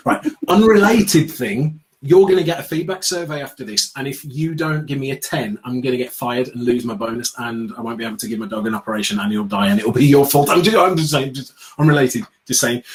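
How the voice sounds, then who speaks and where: A British man, an outspoken guest speaker, chatting casually in an interview with sarcastic, animated asides. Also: medium pitch, low-quality recording. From United Kingdom. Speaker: guest, customer experience speaker.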